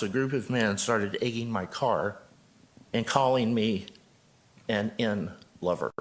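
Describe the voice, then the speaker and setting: Older guy, pastor, reading his statement at city council, earnest and deliberate, mid voice. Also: mid-range voice, fairly bright tone. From Joplin, Missouri. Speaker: pastor speaking at public comment. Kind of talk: prepared public statement.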